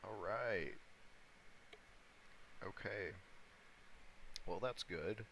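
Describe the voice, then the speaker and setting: A man with a low, bright-edged voice talks slowly through a casual live stream, thinking aloud and addressing his chat. He chuckles a lot between remarks, and a faint hum of background noise sits under his voice. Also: gravelly, low-quality recording. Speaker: livestreamer day-trading crypto.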